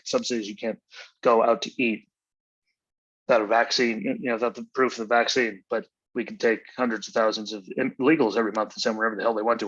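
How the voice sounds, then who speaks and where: Man, angry profane rant, husky voice, dull lo-fi audio. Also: on the low side, a bit bright, no room sound. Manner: angry, profane, exasperated ranting. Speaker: podcast host. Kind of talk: solo rant monologue.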